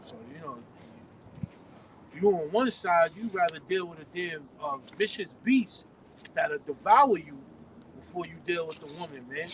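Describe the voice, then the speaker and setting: A man in a casual group chat who speaks haltingly with many pauses. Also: a little high, expressive. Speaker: discussion participant. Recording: distant mic with outdoor noise.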